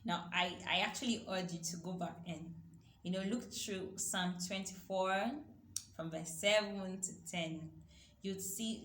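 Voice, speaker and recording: A woman's voice: on the low side, fairly even intonation, a little slow, fairly bright tone. A woman teaching a youth Bible study, earnest and repetitive, quoting scripture. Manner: earnest, repeats herself, quotes scripture. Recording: echoey room with faint noise.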